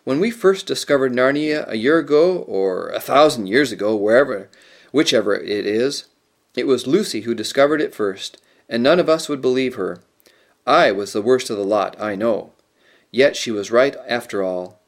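A man's voice: medium pitch, animated, lightly acted. Edmund, a man voicing a sheepish fair-minded boy. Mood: earnest. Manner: quick, earnest. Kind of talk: storybook reading.

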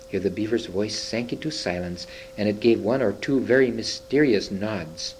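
A man reading a children's story aloud, expressive, with occasional slips and restarts. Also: fairly low pitch, moderate pace, few pauses, slight background noise, low-quality recording. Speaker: reader.

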